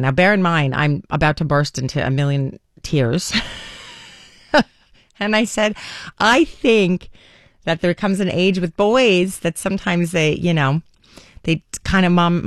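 A woman's voice: sits low, dry recording. Chatty radio host woman. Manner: chatty, warm storytelling with many restarts and fillers. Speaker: radio morning show host. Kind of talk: casual talk radio monologue. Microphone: studio microphone. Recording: dry studio sound.

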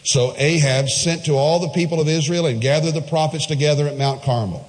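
A man preaching a sermon, his fairly high voice carrying through a hall with a long reverb. He tells a Bible story with animated delivery and acts out the voices of its people. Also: fairly quick. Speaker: pastor.

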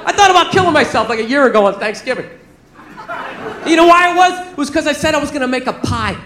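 A man performing a stand-up comedy set in a club, telling profane, animated stories. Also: extremely high pitch, fast talker. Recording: echoey club with crowd noise. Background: audience laughter.

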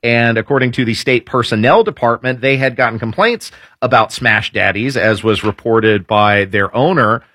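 A man's voice: medium pitch, normal speed, sharp tone, no room sound, studio quality. A man hosting opinionated political news commentary, sarcastic and full of hesitant fillers.

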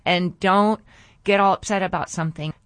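A woman's voice: medium pitch, steady tone, moderate pace, no echo. A woman hosting a faith-based radio talk show, earnest and a little preachy as she draws lessons from scripture.

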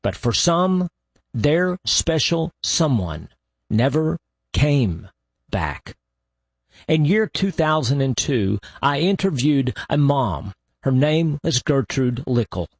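A man hosting a radio show, narrating in a slow, deliberate way with long dramatic pauses. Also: medium pitch, sing-song, breathy edge, no room sound.

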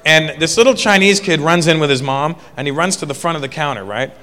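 High-voiced comic in a reverberant room. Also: male voice, quick pace, sharp tone, a little hiss or hum. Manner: conversational storytelling with quoted voices. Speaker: stand-up comedian. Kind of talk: stand-up routine.

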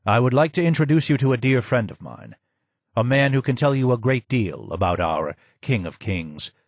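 A man's voice: mid-range voice, sing-song, normal speed, no echo. Polite, formal male guide, dry close recording, read by the narrator. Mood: courteous. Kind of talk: audiobook character voice.

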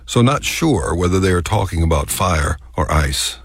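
A man's voice: low-pitched, lively intonation, vocal fry, breathy edge, no room sound, clean studio sound. A man from Texas with a Texas accent, telling a scripted radio story in a folksy way and drawing out words to show them. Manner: folksy, drawn-out demonstration of words.

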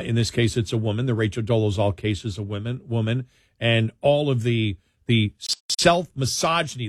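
An older man from New York hosting a talk radio show, chatting casually and acting out quotes with big swings in pitch. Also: no room sound, clean studio sound. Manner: animated, acts out quotes with big jumps in pitch. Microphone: studio microphone.

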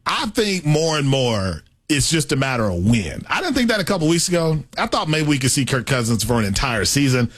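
Brief: male sports-talk co-host, fairly high voice, lively swings, opinionated. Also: fairly quick, hardly any pauses. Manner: opinionated, thinks aloud with many "I think" asides.

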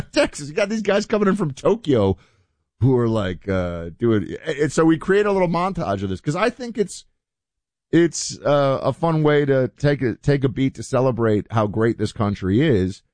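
A man hosting a talk show, chatting in an animated, conversational way with plenty of asides. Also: mid-range voice, moderate pace, no echo. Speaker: show host. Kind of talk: opinion talk show commentary.

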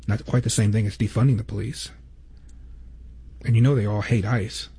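Mellow husky male commentator. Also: medium pitch. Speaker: host. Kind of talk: commentary show narration.

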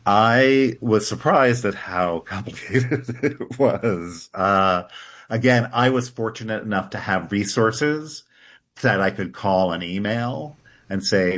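Very deep voiced guy, director type, chatty, laughs a lot. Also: slow, fairly bright tone. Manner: chatty, laughs often, many restarts. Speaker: theater director. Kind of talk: interview answers.

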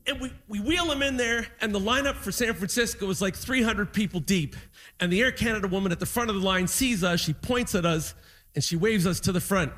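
A male comedian telling a stand-up story, animated and self-deprecating with quick asides. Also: high voice.

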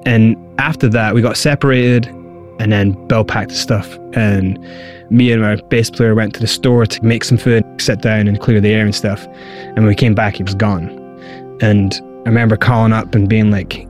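A man recounting his own past as an interview guest, lively and acting out the people he quotes. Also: fairly low pitch, moderate pace, soft background music. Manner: animated, acts out quoted voices. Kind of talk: candid storytelling.

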